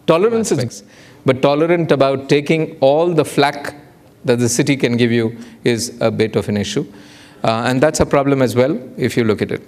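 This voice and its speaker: A man giving a public lecture, telling anecdotes and acting out the people in them with big jumps in pitch. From India. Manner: animated storyteller, acts out dialogue with big pitch jumps. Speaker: guest lecturer. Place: lecture hall.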